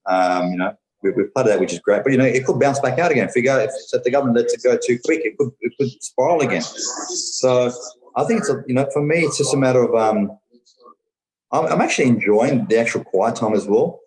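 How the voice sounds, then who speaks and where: A man's voice: mid-range voice, brisk, a little mellow, reverberant, low-quality recording. An Australian man talking casually as a podcast guest, rambling with lots of fillers and "mate". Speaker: podcast guest, business owner. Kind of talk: casual interview chat.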